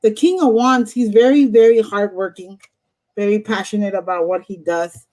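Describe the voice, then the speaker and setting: A woman's voice: mid-range voice, normal speed, warm tone, low-quality recording. Host, woman, tarot reader on a live stream; blunt, heated, profane delivery.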